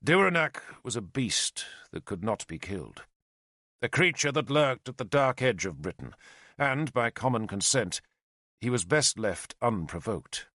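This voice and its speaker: Man narrating with lively expression. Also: mid-range voice, unhurried, no room sound, studio quality. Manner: dramatic, expressive storytelling. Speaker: audiobook narrator. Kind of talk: first-person scripted narration.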